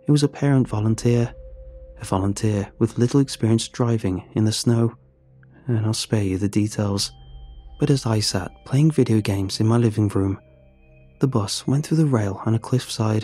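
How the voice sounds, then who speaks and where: Male storyteller; dark, husky, earnest first-person narration. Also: on the low side. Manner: earnest and emotional.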